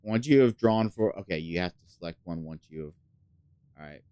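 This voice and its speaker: A man's voice: sits low, expressive, fairly quick, mellow, clear, resonant tone, no echo. A man casually commenting on a puzzle game as he plays, rambling with lots of fillers and the odd swear, sometimes dropping to a mutter. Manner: drops to a mutter when thinking aloud. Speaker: gaming channel host. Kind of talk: casual let's play commentary.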